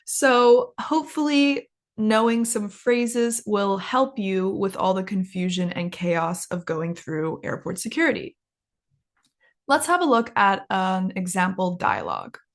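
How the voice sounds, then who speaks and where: A woman's voice: medium pitch, animated, measured pace. A woman teaching English in a casual lesson, chatty, with frequent "like" fillers and laughing at herself.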